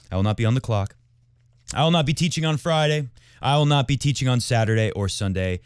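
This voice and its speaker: A mid-range male voice, with no echo, belongs to a tennis podcast host who also coaches. His casual commentary on tennis rambles from tangent to tangent.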